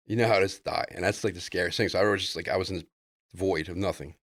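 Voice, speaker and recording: A man with a deep, gravelly voice rattles off a loose, excitable story as a podcast guest. His casual chat spills over with filler words, and the sound is dry and close. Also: rapid-fire, dry recording. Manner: loose, excitable, full of "like" and "dude".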